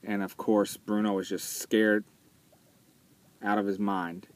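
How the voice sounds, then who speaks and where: A man's voice: lowish voice, little pitch movement, a little slow, pauses often, no room sound. A man talking casually and earnestly as a vlogger, hesitating with fillers and restarts as he retells a film. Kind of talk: casual spoken commentary.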